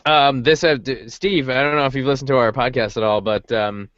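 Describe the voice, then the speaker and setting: A man's voice: medium pitch, brisk, a bit bright, no room sound. A man co-hosting a podcast, chatting casually and hesitantly with many restarts. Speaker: podcast co-host. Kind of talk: casual chat. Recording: dry, dull lo-fi podcast audio.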